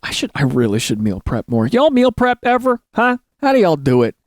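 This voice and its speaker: A man hosting a show, reading online stories aloud and breaking into jokey, excitable commentary. He talks casually and keeps calling the listener dude. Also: fairly high pitch, a little fast, no room sound, clean studio sound. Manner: excitable, jumps between reading and loud animated asides. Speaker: host.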